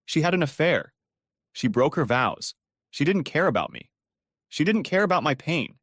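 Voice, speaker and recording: A bitter, heartbroken mechanic, as a male narrator plays him in a storybook reading, clipped and resentful, ranting with a lively rise and fall. The sound is close and dry. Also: fairly high pitch, moderate pace, no echo, voice pushed up, heavily acted. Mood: angry.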